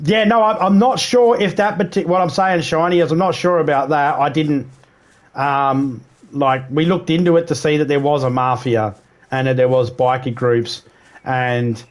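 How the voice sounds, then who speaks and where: A man's voice: fairly high pitch, unhurried. An Australian man livestreaming, chatting casually with viewers in a rambling way, swearing freely and mimicking accents. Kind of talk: casual chat.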